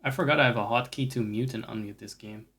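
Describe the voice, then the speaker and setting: A man's voice: medium pitch, steady tone, quick pace, sharp tone, breathy edge. Male streamer, casual live gaming commentary, crude self-mocking humor. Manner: profane, joking, self-mocking.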